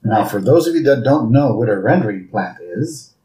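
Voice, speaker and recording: A man's voice: mid-range voice, lively intonation, normal speed, warm tone. A man co-hosting a podcast, casually retelling a cartoon episode and quoting the characters in brief put-on voices. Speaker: podcast co-host. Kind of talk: casual episode recap chat. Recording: roomy, distant mic.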